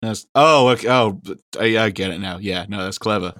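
A man's voice: fairly low pitch, moderate pace, fairly bright tone, no echo, studio quality. A young man co-hosting a casual football podcast, rambling and laughing often, with casual swearing. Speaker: podcast co-host.

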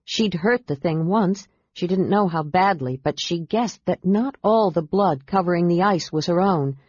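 A woman narrating a fantasy audiobook in a steady, measured reading style. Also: fairly low pitch, breathy edge, dry recording. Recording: dull, dry lo-fi audiobook recording.

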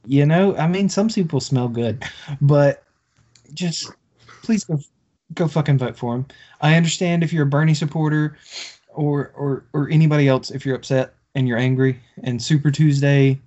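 This podcast co-host has a fairly high, dark-toned voice and speaks at a moderate pace. He's had a few drinks and is ranting about politics with casual passion and plenty of swearing, frequently starting over. The recording has a dull, lo-fi podcast quality.

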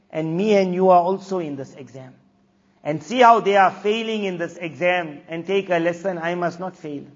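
A man preaching a sermon, impassioned and scornful in turns, quoting Arabic verses. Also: high-pitched. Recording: dull lo-fi audio in a long-reverb hall.

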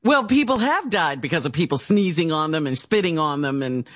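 Female radio co-host, lively varied pitch, wry asides. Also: brisk, dry recording, clean studio sound. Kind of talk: radio talk show chat.

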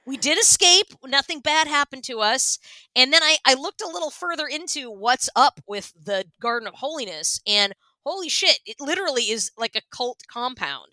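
A woman's voice: sits high, normal speed, no echo. A woman co-hosting a podcast, telling a story in casual chat and acting out the voices in it, with lots of fillers. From Washington state, US. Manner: animated, acts out voices in quotes, many fillers. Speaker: podcast co-host.

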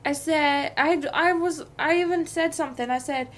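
A woman's voice: high voice, moderate pace. A young adult woman hosting a podcast, telling a heated workplace story with lots of swearing. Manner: profane, venting, heated. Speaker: podcast host. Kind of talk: casual storytelling monologue.

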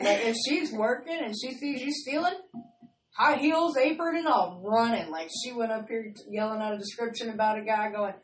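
A woman's voice: mid-range voice, lively intonation, brisk. A brash woman laughing and swearing freely as she tells stories in a casual chat. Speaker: podcast co-host. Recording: echoey room, far from mic, faint noise.

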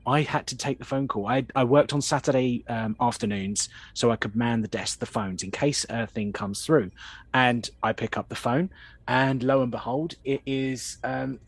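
A man's voice: medium pitch, steady tone, normal speed, breathy edge, no room sound. A man co-hosting a podcast, chatting casually about a TV episode and telling stories from his own past. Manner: chatty storyteller with anecdotes. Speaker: podcast co-host. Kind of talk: casual chat reviewing an episode.

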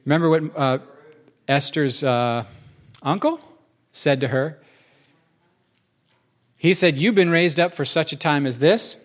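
A middle-aged man talks through a reflective topic in a relaxed, conversational way. His voice sits a little high for a man. He grows animated when he tells a story and drops into short acted asides. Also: unhurried, pauses often. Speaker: podcast host. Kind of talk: casual reflective chat.

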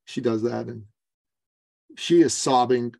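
Animated storytelling man, dry sound. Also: medium pitch, slow pace, vocal fry, no room sound. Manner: lively storyteller who acts out quoted voices. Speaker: business coach, podcast guest. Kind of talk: storytelling in a podcast interview.

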